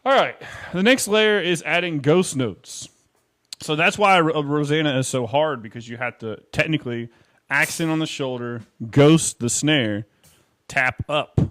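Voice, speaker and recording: A man's voice: fairly high pitch, normal speed, a bit bright. Chatty male drum teacher counting beats. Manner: chatty, counts rhythms aloud. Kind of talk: casual drum lesson. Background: drum kit playing.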